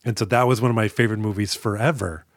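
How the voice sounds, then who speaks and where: A man's voice: fairly low pitch, fairly even intonation, quick pace, dry recording, studio quality. A man co-hosting a casual podcast, joking around and acting out movie lines. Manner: jokey, acts out movie quotes with laughs. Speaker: podcast co-host. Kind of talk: casual chat.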